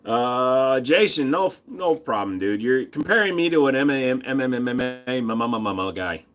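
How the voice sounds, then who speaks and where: A man's voice: medium pitch, expressive, moderate pace, few pauses, a bit bright. Crude, joking man hosting a livestream. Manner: crude, profane banter with chat. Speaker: livestream host. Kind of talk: casual livestream chat.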